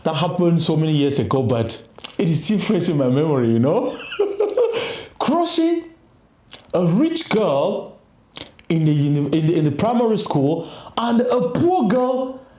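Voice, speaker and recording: A man telling a story on his own channel with a lively voice that keeps breaking into laughter. His voice sits a bit high for a man and swings widely up and down. The room around him sounds echoey. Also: moderate pace. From grew up in a village, West Africa. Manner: laughs often, excited and animated. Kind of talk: casual storytelling vlog.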